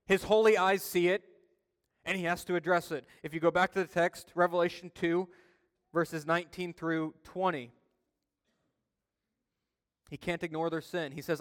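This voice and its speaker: A man preaching a sermon as pastor, telling stories with lively swings between loud emphasis and quiet asides. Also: high-pitched, normal speed, pauses often, clear, resonant tone. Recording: long reverb of a church hall.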